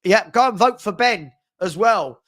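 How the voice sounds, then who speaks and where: Casting: male live-stream host, slightly higher voice, playful and chatty, has a cold. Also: animated, unhurried, fairly bright tone. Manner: chatty, playful, teasing, repeats himself. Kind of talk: casual live-stream chat reading viewer comments.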